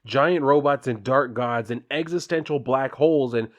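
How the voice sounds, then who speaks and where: A man voicing a hot-headed young male superhero as he reads comic dialogue aloud, loud and indignant. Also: medium pitch, normal speed, highs cut off, lightly acted.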